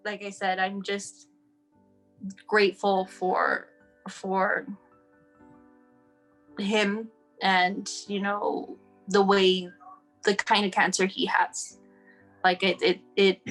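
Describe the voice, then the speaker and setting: A woman's voice: medium pitch, flat delivery, slow pace, long pauses, fairly bright tone, faint music behind. A woman sharing her son's story as a guest, talking casually and running on with "like" and "you know".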